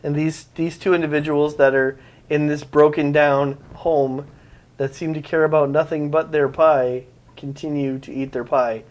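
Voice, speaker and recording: A man narrating as game master of a tabletop role-playing game, relaxed and halting, often laughing. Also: fairly high pitch, lo-fi sound. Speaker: dungeon master.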